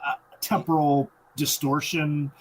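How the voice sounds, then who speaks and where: A man co-hosting a podcast, explaining movie details in halting bursts with many restarts. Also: on the high side, level tone, a little hiss or hum, low-quality recording. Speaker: podcast co-host. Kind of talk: casual movie discussion.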